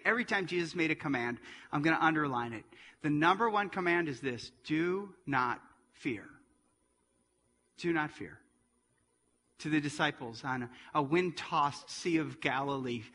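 A man in his forties preaching a sermon as pastor, earnest and rising to near-shouts at emotional moments. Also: fairly high pitch, long reverb tail, a little hiss or hum. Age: 40s.

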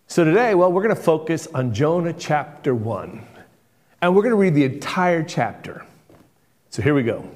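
A man's voice: on the high side, sing-song, normal speed. A man who is a lead pastor, giving a conversational sermon, telling stories and repeating words for emphasis. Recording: long hall reverb.

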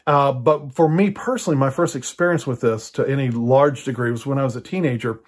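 A man's voice: medium pitch, brisk. An older man preaching, telling a personal story in a conversational way with frequent fillers and restarts. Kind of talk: personal teaching talk.

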